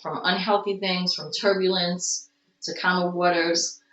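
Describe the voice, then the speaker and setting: A woman's voice: on the low side, level tone, a little slow, fairly bright tone, slight background noise. A woman giving a casual tarot reading at home, with stretches where she coos baby talk to her cat. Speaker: tarot reader. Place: home room. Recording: roomy, distant, dull home recording.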